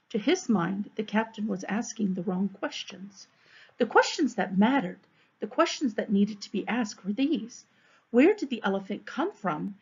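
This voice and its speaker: A woman, a third-grade teacher, reading a storybook aloud to her class in a measured way. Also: medium pitch, a little mellow, husky. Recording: dull, muffled recording.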